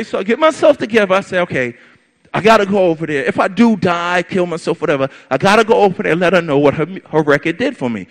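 A man telling a personal story to an audience, animated and emphatic, with lots of repetition. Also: sits high, fast. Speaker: storyteller on stage.

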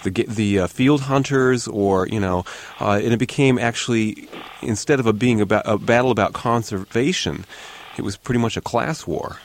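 Deep-voiced, halting man interviewer. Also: slight background noise. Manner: halting, with many restarts. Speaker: interviewer host. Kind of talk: radio interview.

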